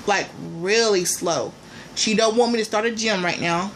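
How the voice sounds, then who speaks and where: A woman vlogger chatting casually and playfully to her viewers, calling them y'all, with loud bursts between quieter asides. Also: medium pitch, a little slow, a little hiss or hum. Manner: animated, swings between soft asides and loud exclamations.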